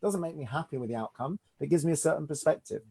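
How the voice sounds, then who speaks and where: A man leads a study group as its rabbi. His voice sits dark and mellow, and he talks in an easy, conversational way, often tagging "right?" onto his points. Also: a little high, expressive, fast talker, gravelly, breathy edge. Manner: conversational, reassuring, asks "right?". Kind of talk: teaching a study class.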